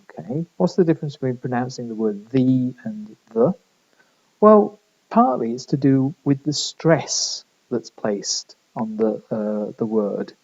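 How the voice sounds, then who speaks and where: A male lecturer walks through his material slowly and patiently, one step at a time. His voice is dark and a little husky. The recording sounds muffled and lo-fi. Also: mid-range voice. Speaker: university lecturer.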